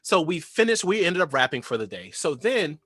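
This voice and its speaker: Male co-host, higher-pitched bright voice, lively anecdote teller, dry close sound. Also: moderate pace, husky, dry recording. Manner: animated storyteller, acts out quotes. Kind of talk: casual chat, storytelling.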